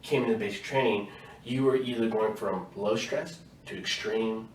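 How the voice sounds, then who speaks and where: A man with a fairly low voice tells stories as a podcast guest, animated and quick to laugh. He sounds a little away from the mic in an echoey room with a faint hiss behind him. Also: distant mic. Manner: animated storyteller, laughs often. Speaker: guest, army veteran. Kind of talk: casual podcast interview.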